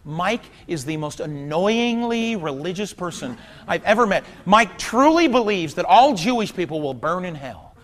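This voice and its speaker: A man in his thirties doing stand-up comedy on a theater stage, talking wryly and conversationally, then breaking into loud outbursts. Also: high voice, big pitch swings, moderate pace. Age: 30s. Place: theater stage before a large audience. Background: audience laughter.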